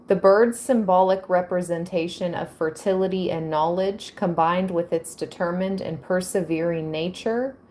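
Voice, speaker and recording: A woman giving a tarot reading to her viewers, reading aloud and musing with soft exclamations. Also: fairly low pitch, fairly even intonation, normal speed, few pauses, slight background noise. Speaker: tarot reader.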